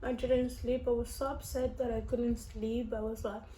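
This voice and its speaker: A woman's voice: a little high, flat delivery, normal speed, warm tone. A young woman vlogger telling a personal story at home in a rambling, emotional way, full of fillers and restarts. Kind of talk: casual storytelling while eating. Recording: roomy room with faint noise.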